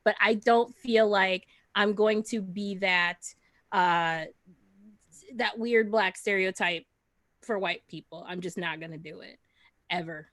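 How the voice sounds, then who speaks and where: A woman's voice: mid-range voice, takes it slowly, a bit bright, no echo. A woman improv comedian on a panel, speaking frankly and laughing between her phrases. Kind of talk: casual panel discussion.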